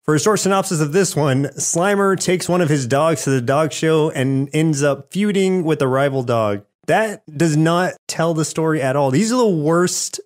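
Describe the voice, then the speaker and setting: A man co-hosting a podcast, talking casually with a wry, quick manner. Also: fairly high pitch. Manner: wry, quick, reading a synopsis aloud. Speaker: podcast co-host. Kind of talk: casual chat.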